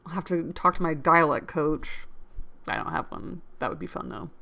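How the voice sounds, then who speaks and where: A woman's voice: low voice, normal speed, creaky, bright, forceful tone. A woman reading a classic novel aloud as a podcast host, with chatty, amused asides. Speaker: book reader and podcast host. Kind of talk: reading aloud and casual chat.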